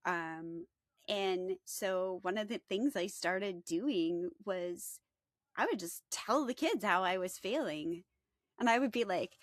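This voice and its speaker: Woman co-host, earnest, very slow pace, dry close sound. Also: mid-range voice, no echo. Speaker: podcast co-host. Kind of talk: casual chat.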